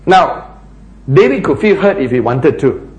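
A man preaching a sermon, emphatic and animated, often acting out quoted lines. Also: on the high side, unhurried, highs cut off. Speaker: pastor. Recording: echoey hall.

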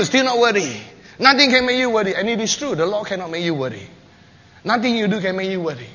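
Bright-voiced male preacher in a reverberant hall. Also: sits high. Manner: animated, acts out the characters with emphatic repetition. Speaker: pastor. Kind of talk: sermon. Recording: dull sound with long hall reverb.

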